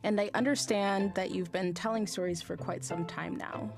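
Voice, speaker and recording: A woman interviewing a storyteller, asking calm questions with short affirming replies. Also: mid-range voice, moderate pace, soft background music.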